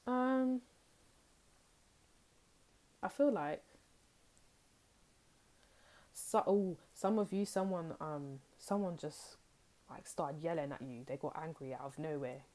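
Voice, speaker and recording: A young woman from the United Kingdom with a low, dark-toned voice gives a casual tarot reading. She chats and rambles, acting out people's reactions.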